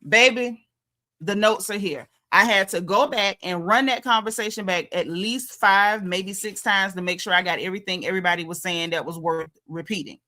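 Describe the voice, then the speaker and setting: A Southern American woman hosting a loose livestream recap, her voice bright and punchy. She talks in a sassy, emphatic, down-home manner, leaning hard into her points and repeating them for effect. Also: medium pitch, normal speed. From Southern United States. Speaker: show recap host. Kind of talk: casual livestream commentary.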